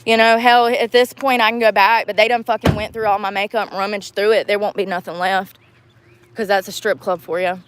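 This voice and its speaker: A woman's voice: mid-range voice, level tone, fairly quick, background noise. A young woman ranting in a casual livestream, frustrated and swearing as she rambles.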